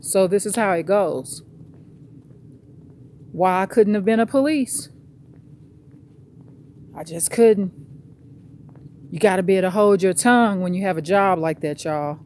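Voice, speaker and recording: A woman's voice: medium pitch, a little slow, long pauses, darkish tone, slight background noise. A woman vlogging on a walk outdoors, ranting bluntly with plenty of cursing. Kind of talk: casual vlog monologue.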